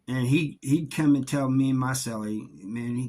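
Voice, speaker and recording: A middle-aged man telling a story from his time in prison in a casual, halting way, often repeating words. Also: mid-range voice, a little mellow. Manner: halting, repeats words, drawling Southern-sounding grammar.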